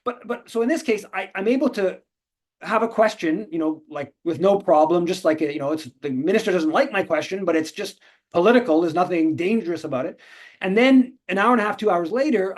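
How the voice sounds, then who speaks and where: A man's voice: sits high, expressive, a little fast. A man hosting a call-in show, telling stories in a rambling way with many restarts. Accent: Canadian English. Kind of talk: casual storytelling and commentary.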